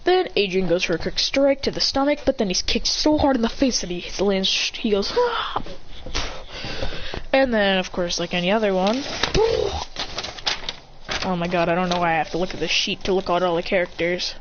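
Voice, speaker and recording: A woman's voice: mid-range voice, a little fast, noisy background. A woman improvising a fan-fiction action story, rambling and correcting herself as she goes. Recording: dull lo-fi recording.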